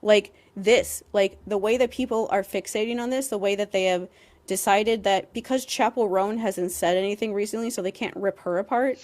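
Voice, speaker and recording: A woman's voice: mid-range voice, normal speed, a little mellow. A young woman co-hosting a podcast, ranting emphatically with lots of "like" and some swearing. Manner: heated and emphatic, heavy use of "like", swearing. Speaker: podcast co-host.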